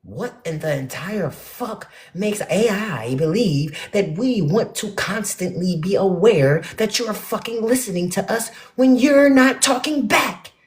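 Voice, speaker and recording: A young woman rants bluntly and profanely to her viewers, swinging between loud outbursts and muttered asides. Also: medium pitch, expressive, unhurried, hardly any pauses. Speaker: spiritual vlogger. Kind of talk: ranting casual monologue to viewers.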